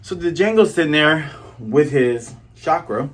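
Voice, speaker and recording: Husky male comic reviewer with a lively pitch and a jokey delivery who acts out scenes. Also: a little slow. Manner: animated, jokes and acts out characters. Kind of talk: casual commentary.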